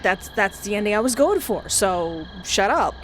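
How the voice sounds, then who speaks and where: Expressive woman playing a horror game. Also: medium pitch, unhurried. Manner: dramatic, expressive reactions with frequent laughter. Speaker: game streamer. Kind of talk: reading a horror visual novel aloud with commentary. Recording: steady background hiss.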